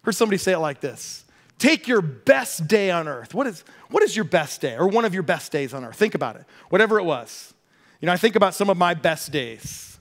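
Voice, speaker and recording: A middle-aged man, a pastor, preaching a sermon with animated storytelling and humor. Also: sits high, fast talker.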